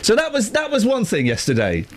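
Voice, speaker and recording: Animated radio host on a rant. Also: male voice, high voice, fairly quick. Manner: animated, acts out both sides of arguments. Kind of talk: ranting anecdote on live radio. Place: radio studio.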